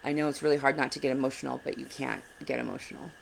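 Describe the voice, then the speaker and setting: A woman's voice: extremely low pitch, fairly even intonation, very fast, gravelly, a little hiss or hum, poor audio. A woman in her thirties giving earnest, blunt advice to other parents in a casual vlog, sounding frustrated. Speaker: parent advocate vlogger. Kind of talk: casual direct-to-camera advice.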